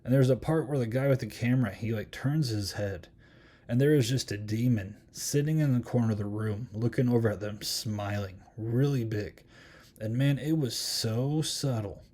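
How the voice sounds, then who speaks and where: A man's voice: mid-range voice, normal speed, warm tone. A man hosting a podcast, chatting casually through a horror film review and rambling with many ums and likes. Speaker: podcast host.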